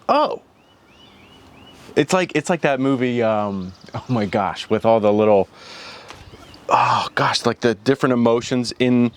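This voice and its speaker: Speaking at a medium pitch, the man running this vlog keeps things casual. He wanders reflectively through his thoughts and regularly begins sentences again.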